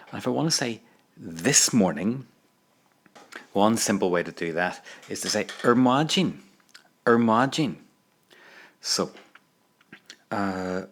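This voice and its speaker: A man's voice: on the low side, husky. Patient man teaching a language lesson. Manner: patient, prompting the listener to repeat phrases.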